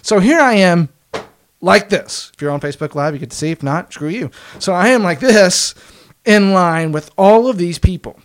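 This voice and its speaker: A man in his late twenties tells a story in a loose, casual way. His voice sits somewhat high for a man. He acts out the lines of the people in his story and swears freely as he goes. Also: expressive, normal speed. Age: 20s.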